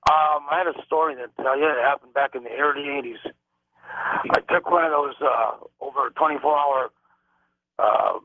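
A middle-aged man calling in to a radio show, telling a story in an animated way and acting out the lines people said. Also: on the high side, slightly rough, no echo. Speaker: caller. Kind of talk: phone-in storytelling. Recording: tinny phone line, dry.

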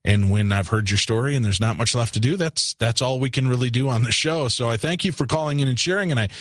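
A man hosting a late-night call-in radio show, talking in a measured, patient way with frequent fillers. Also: mid-range voice, a bit bright, dry recording, clean studio sound. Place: radio studio. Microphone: studio microphone.

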